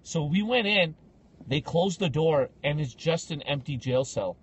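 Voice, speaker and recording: Casual male podcast host, husky and higher-pitched, animated storyteller. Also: measured pace. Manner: animated, acts out people in his stories.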